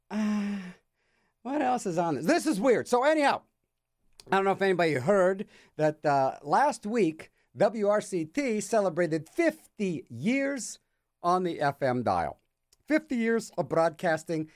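Sarcastic radio dj guy rambling away, high lively voice, real dry studio sound. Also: moderate pace, no room sound. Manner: wry, sarcastic, animated. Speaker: radio DJ host.

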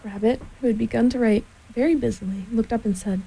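Gravelly-voiced woman reading a storybook. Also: fairly high pitch, a little fast, few pauses, dark tone, low-quality recording. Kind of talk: reading a children's storybook aloud.

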